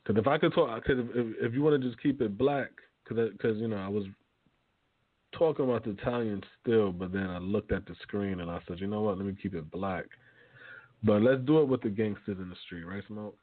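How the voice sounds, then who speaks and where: A man's voice: on the low side, fairly quick, no room sound. A man hosting a radio talk show, speaking loosely and profanely with lots of fillers and restarts. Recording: tinny phone-like line.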